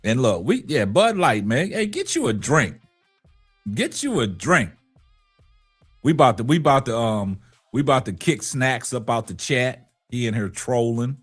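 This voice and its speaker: A man's voice: mid-range voice, very animated, moderate pace, a bit bright, breathy edge, soft background music. A man in his forties hosting a casual late-night live show, laid-back and chatty, tagging "man" onto his lines.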